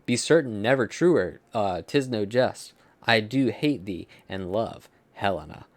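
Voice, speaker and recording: A man loudly reading the lines of a scornful, quarrelsome young man, with stumbles. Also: lowish voice, lively intonation, a little slow, dry recording. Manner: loud stumbling dramatic reading.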